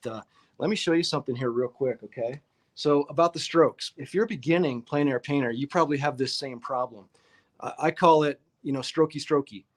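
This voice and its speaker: A man hosting a casual live-stream painting lesson, chatty and upbeat, greeting viewers in the chat by name. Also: medium pitch.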